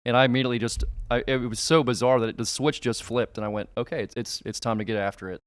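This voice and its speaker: Fast-talking man with a smooth voice. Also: mid-range voice, fairly even intonation, dry recording, studio quality. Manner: fast, chatty, many restarts. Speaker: podcast guest, reptile catcher. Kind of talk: casual interview storytelling.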